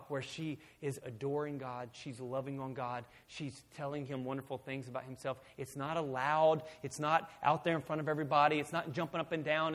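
A man preaching a sermon as pastor, swinging from hushed, intimate talk to loud, emphatic shouting. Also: fairly high pitch.

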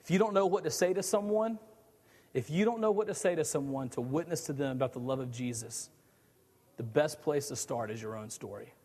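A man delivers a sermon in a high, bright-pitched voice, stacking repeated words and swinging his emphasis up as the story builds. His voice rings out with a long hall reverb around it. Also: fairly quick. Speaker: pastor. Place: church meeting in a skating rink.

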